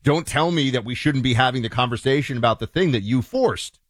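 A man's voice: medium pitch, brisk, no room sound. A man co-hosting a talk radio show with wry, dry humor. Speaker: radio co-host. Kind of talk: casual talk radio banter.

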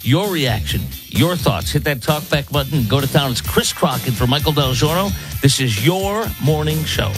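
A man's voice: fairly high pitch, expressive, moderate pace, hardly any pauses, over music, poor audio. A man hosting a morning talk radio show, giving emphatic, indignant commentary. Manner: emphatic, indignant, repeats for effect.

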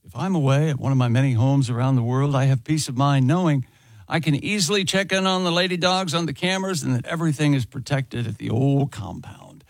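A radio show host reading a home-security ad in a dry, mock-boastful way. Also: male voice, medium pitch, a little fast, gravelly, no room sound. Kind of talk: reading a live ad read.

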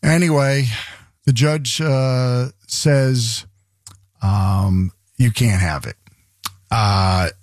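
A man's voice: medium pitch, a little mellow, no room sound, clean studio sound. Sarcastic rambling talk radio host man. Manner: rambling, sarcastic, exasperated asides. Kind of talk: news commentary monologue.

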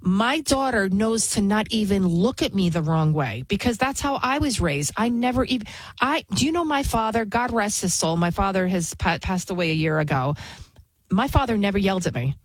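A woman at a middle pitch with a dry, close sound talks casually and bluntly. She rambles, states her opinions flatly and keeps restarting sentences. She works as a TV news host. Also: moderate pace, husky, no room sound, low-quality recording. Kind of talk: casual spoken monologue.

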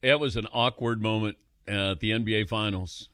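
A man's voice: lowish voice, fairly quick, dry recording, studio quality. A man hosting a sports call-in radio show, telling stories with chuckles and taking calls. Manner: animated storyteller, chuckles while telling.

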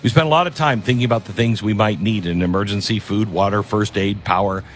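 A man's voice: lowish voice, quick pace, slight background noise. A man hosting a talk radio show, speaking in a rambling, conversational monologue with frequent restarts. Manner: rambling, conversational, self-interrupting.

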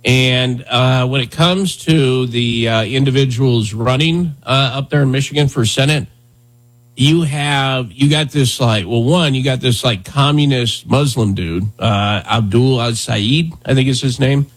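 A man's voice: medium pitch, unhurried. A man hosting a casual talk show, rambling with many fillers and restarts. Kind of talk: casual talk radio chat.

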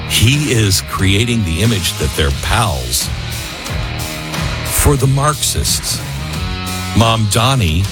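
A man's voice: fairly low pitch, big pitch swings, takes it slowly, long pauses, over loud music. A man hosting a talk radio show, delivering an opinionated monologue and live ad reads, often mocking people with put-on quotes.

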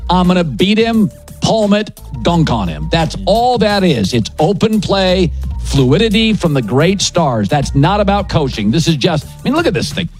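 Emphatic high-voiced male sports talk host. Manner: emphatic, declarative, riffing in short punchy phrases. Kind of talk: opinionated sports radio talk.

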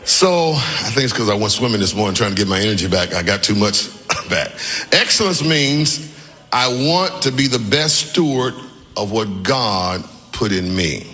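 A man preaching a sermon as pastor, calling for responses from the congregation, shouting at peaks and joking with the crowd. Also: lowish voice, expressive, moderate pace. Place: large church hall. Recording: long church hall reverb.

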